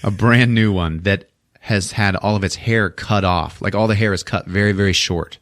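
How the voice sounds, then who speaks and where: Deep-voiced podcast host recapping a film. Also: male voice, normal speed, no echo, clean studio sound. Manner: laughs often, swears, animated storytelling.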